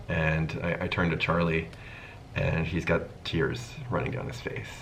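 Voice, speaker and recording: A man with a low voice tells a personal storytime to his channel's viewers. He keeps it casual and animated, acting out each line of dialogue he quotes. A faint noise sits under his voice. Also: normal speed, low-quality recording. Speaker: YouTube host.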